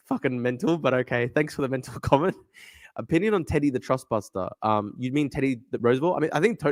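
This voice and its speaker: A man's voice: medium pitch, fast talker. A young man from Australia hosting a casual livestream, reading viewer comments aloud and rambling with frequent repeats. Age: young adult. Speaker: livestream host reading chat.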